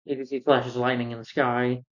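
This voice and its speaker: A man's voice: medium pitch, flat delivery, a little fast. Rambling man recapping a film, lo-fi. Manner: rambling, retells scenes and acts out characters. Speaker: film reviewer. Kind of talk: casual film review rant.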